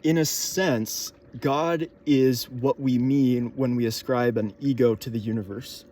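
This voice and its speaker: Young man, casual musing monologue, halting with ums and restarts, mid pitch. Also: steady tone, mellow. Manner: thinking aloud with many fillers and restarts.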